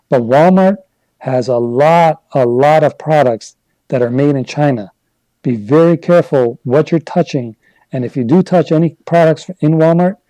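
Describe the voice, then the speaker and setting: A man's voice: on the high side, warm tone, dry recording, rough recording. A man from Canada hosting a casual livestream, reading viewer chat and rambling into heated rants. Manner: conversational, rambling, gets worked up into rants.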